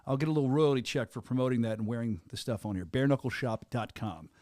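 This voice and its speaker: Fast-talking energetic male podcast host. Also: medium pitch, no room sound, studio quality. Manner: energetic, rambling hype-man patter with restarts. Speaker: podcast host and venue announcer. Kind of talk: casual interview chat.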